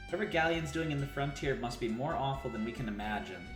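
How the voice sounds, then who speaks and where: A man's voice: mid-range voice, animated, quick pace, echoey room, over music, natural voice. A man voicing a whiny, fretful young male mage, reading game dialogue on stream. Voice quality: whiny and mopey.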